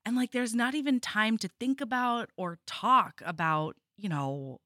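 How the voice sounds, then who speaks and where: A woman's voice: on the high side, measured pace, no room sound, clean studio sound. A woman co-hosting a podcast, casually recapping a novel and acting out the characters' lines. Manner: animated, acts out characters' lines with laughs. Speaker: podcast co-host. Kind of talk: casual book recap chat.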